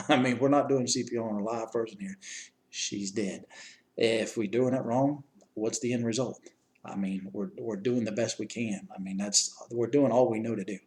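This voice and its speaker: An eyewitness earnestly recounts a rescue to the person he helped save, speaking plainly at normal speed in a lowish, darkish voice with fairly even intonation. He often stops, restarts, and repeats words, and the recording quality is low.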